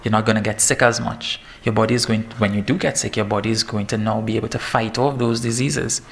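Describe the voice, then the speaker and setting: Gravelly low man. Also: quick pace. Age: 30s. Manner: lively and joking, laughs at himself. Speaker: fitness trainer giving a talk. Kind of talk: presentation to parents.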